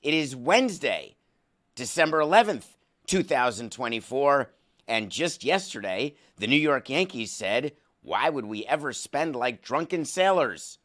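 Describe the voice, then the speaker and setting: A man hosts a sports podcast in a solo monologue, speaking. His tone stays sarcastic and wry, with quick comic asides and mock outrage, and his voice sits at a medium pitch. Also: very animated, fairly bright tone.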